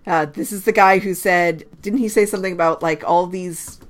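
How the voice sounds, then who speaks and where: Brief: female co-host, slightly low voice, chatty and quick with asides. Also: steady tone. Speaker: podcast co-host. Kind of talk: casual hockey chat.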